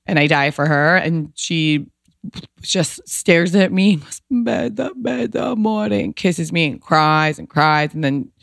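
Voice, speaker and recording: A woman's voice: low voice, measured pace, fairly bright tone, no room sound. Woman telling an emotional story, dry sound. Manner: emotional, rambling, lots of "like" and restarts. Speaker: guest. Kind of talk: casual storytelling.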